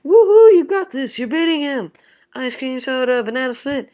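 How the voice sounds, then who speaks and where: A woman voicing a hyper teenage girl cheerleader who chants in a loud sing-song. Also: on the high side, moderate pace, pitched above the performer's own voice, natural voice. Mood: cheering.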